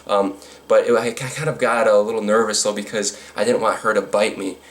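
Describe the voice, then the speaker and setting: A man's voice: fairly low pitch, flat delivery, a little fast. A man telling a storytime vlog, rambling with lots of fillers and restarts, with a sarcastic edge. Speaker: vlogger.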